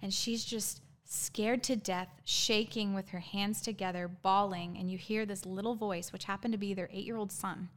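A woman guest in an interview telling her own story candidly, halting, with frequent ums and restarts. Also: medium pitch, fairly even intonation.

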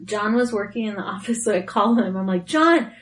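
A young woman co-hosting a podcast, telling stories in casual chat, excitable and quick to laugh. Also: mid-range voice, low-quality recording. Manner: excitable storyteller, laughs often. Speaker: podcast co-host.

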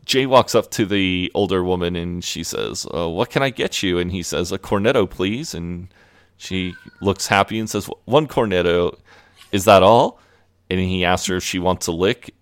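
A man's voice: deep voice, moderate pace, smooth, dry recording. A man co-hosting a podcast, casually retelling television scenes and quoting the characters' lines with frequent laughs. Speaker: podcast co-host. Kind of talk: casual recap chat.

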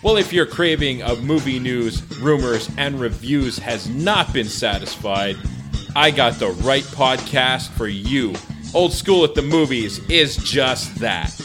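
A man reading a scripted podcast promo in an upbeat pitch to listeners. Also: animated, measured pace. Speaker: ad announcer. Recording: promo with music bed.

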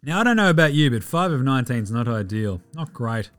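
A man with an Australian accent hosting a casual basketball recap podcast, sweary and excitable, mocking players in silly voices. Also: mid-range voice, fast. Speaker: podcast host.

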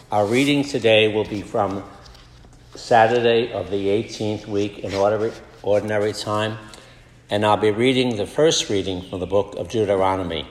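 Priest guy reading scripture then a homily, slow and careful, big echoey church sound. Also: on the low side. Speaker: Redemptorist priest. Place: large basilica. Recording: echoey church with long reverb.

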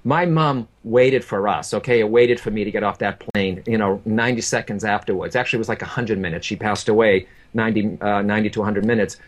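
A man working as a medium speaks quickly in a lowish voice, barely pausing, as he earnestly tells an emotional story about himself. He repeats words and addresses the listener directly.

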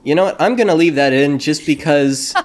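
A man's voice: fairly high pitch, brisk. A man hosting a casual podcast discussion, talking in a playful, jokey way. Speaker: podcast host.

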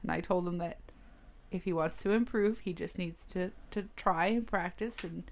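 A woman in casual chat, recounting stories about her children and quoting them. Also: moderate pace. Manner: chatty, quotes children in higher voices, laughs often.

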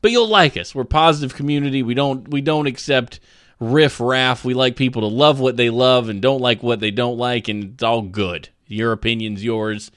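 A man's voice: medium pitch, normal speed, fairly bright tone, no room sound, clean studio sound. Goofy rambling male podcast host. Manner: goofy, rambling, playful asides. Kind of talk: casual comedic news podcast chat.

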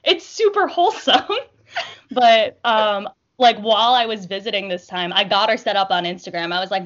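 A young woman talking casually, full of filler words and animated retellings. Her voice sits at a middle pitch. The recording is a little dull and lo-fi. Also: moderate pace. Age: young adult. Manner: chatty, lots of fillers, animated storytelling. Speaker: podcast guest. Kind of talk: casual chat.

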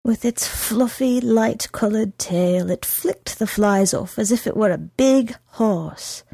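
A woman reading a story aloud in an expressive, measured storytelling manner. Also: medium pitch, creaky, slightly rough, dry recording. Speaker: reader.

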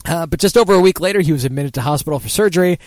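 Racing along in a slightly high, darkish voice, this talk-show host rambles, curses freely and cracks himself up. The audio has no echo, and the chat is loose talk-radio banter.

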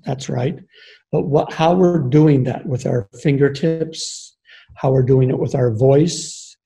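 An older man, a grandfather, giving an earnest, explanatory talk on leadership and the body, often pausing with ums and restarting phrases. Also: medium pitch, creaky, mellow, poor audio. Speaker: speaker on embodied leadership. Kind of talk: reflective talk.

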